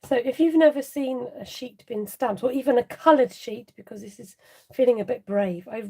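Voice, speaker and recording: On this live stream, a papercraft demonstrator speaks at a normal speed in a husky, creaky voice that sits on the high side with a dark tone. She laughs frequently, mutters asides as she crafts, and addresses viewers directly while reading their comments aloud.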